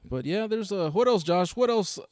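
A man's voice: sits high, lively intonation, moderate pace, darkish tone, dry recording, studio quality. A man co-hosting a casual live-streamed podcast, joking with viewers and laughing often. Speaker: podcast co-host.

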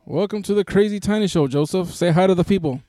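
A man's voice: high voice, quick pace, warm tone, dry recording, clean studio sound, soft background music. A man co-hosting a casual live-streamed podcast, joking with viewers and laughing often. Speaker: podcast co-host.

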